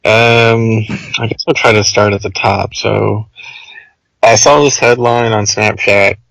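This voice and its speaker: A young man co-hosting a podcast, rambling through stories in a loose, animated chat full of "like". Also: on the low side, slow, vocal fry, no echo, poor audio. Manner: rambling, animated storytelling with lots of "like". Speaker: podcast co-host. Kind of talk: casual chat.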